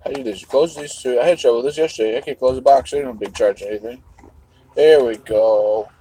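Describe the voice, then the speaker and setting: A man's voice: mid-range voice, a little fast, dark tone, a little hiss or hum, low-quality recording. A man hosting a live stream, rambling to his chat while eating, swearing casually as he goes. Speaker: livestream host.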